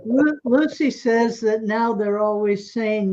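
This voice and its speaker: A woman's voice: a little high, slow pace, a little mellow, muffled recording. A woman chatting on a live stream, teasing and reading out viewer comments. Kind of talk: casual chat.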